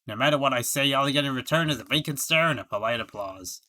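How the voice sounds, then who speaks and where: A man's voice: medium pitch, expressive, fast, pushed and bright. A man voicing a sad clown in a game. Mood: self-pitying. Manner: self-pitying, laughs at own jokes. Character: washed-up sad male clown witness.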